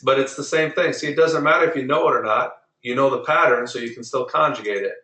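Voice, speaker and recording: A man's voice: mid-range voice, sharp tone, reverberant, low-quality recording. A man teaching a Spanish class online, drilling verb forms and correcting pronunciation patiently. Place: online video meeting.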